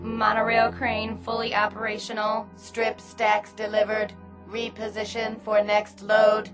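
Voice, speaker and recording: A woman voicing a monotone factory computer. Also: mid-range voice, unhurried, loud music behind the voice, natural voice. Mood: mechanical. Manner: flat, mechanical announcements. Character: calm female factory computer voice, dutiful. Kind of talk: 1960s radio drama acting.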